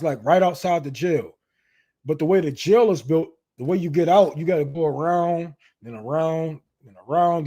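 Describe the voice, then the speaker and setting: A man with a fairly high, mellow voice hosts a casual livestream chat. He's loose and profane and laughs often.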